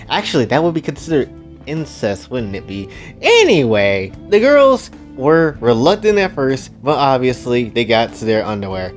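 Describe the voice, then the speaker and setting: Excitable, rambling male storyteller. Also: mid-range voice, normal speed, faint music behind. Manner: rambling, crude, excitable asides to viewers. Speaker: storyteller, channel host. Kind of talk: casual comedic retelling.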